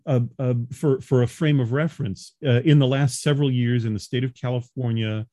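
Talking briskly in a warm, steady mid-range voice, this Long Island, New York adjunct professor in his forties is a guest on a video-call interview with a casual feel. He's earnest and explanatory and quick to laugh, and the sound is dry and clean like a studio.

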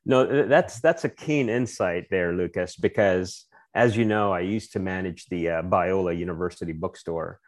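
A man from the Philippines, a guest on a video call chat, easygoing and chuckling, with halting restarts. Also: low-pitched. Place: home office with bookshelves.

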